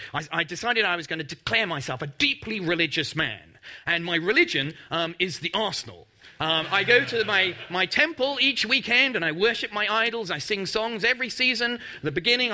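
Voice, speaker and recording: A man's voice: on the high side, sharp tone. A man who is a mathematics professor giving a public lecture with slides, chatty and wry, with frequent ums and uhs. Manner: wry, self-deprecating humour.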